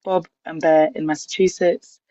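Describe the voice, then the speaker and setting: A woman hosting an online singing session over a video call, greeting people one by one by name and place and leading a breathing warm-up. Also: sits low, level tone, moderate pace, dry recording. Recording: dull, dry video-call audio.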